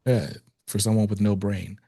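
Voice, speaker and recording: A man's voice: fairly low pitch, steady tone, moderate pace, vocal fry, dark tone, husky, no room sound, clean studio sound. A man hosting a casual comics podcast interview, easygoing and loose, asking open questions with lots of filler words. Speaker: podcast host.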